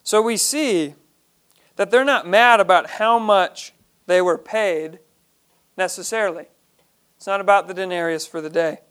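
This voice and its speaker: High, resonant-voiced man teaching scripture. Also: measured pace, pauses often, a bit bright, clear, resonant tone. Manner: reads a verse, then explains it plainly. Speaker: Bible study teacher. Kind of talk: verse-by-verse Bible teaching.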